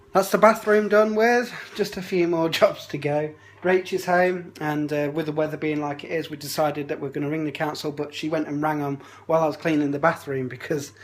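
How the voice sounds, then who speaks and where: Chatty man vlogging at home. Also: on the high side. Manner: chatty, grumbling, indignant asides. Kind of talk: casual vlog chat. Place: family home. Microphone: phone held at arm's length.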